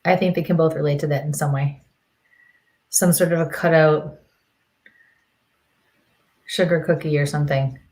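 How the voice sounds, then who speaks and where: A woman with a fairly low voice gives a psychic reading on a live stream. She talks haltingly, pausing and drifting into soft murmured repeats. She feels hot and clammy. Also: steady tone, low-quality recording. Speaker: medium, co-host.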